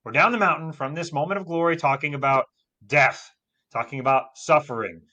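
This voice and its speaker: A man co-hosting a Bible lesson, explaining in a casual, animated way with emphatic stress. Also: a little high, brisk, highs cut off. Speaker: Bible teacher co-host. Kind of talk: casual teaching discussion.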